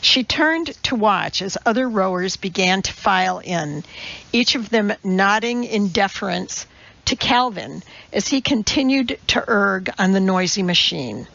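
Female audiobook narrator, slow, gravelly, somewhat muffled recording. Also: mid-range voice, fairly bright tone.

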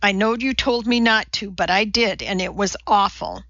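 A woman's voice: medium pitch, normal speed, fairly bright tone, no echo, lo-fi sound, lightly acted. A woman reading an audiobook, voicing an upset young girl who tearfully confesses.

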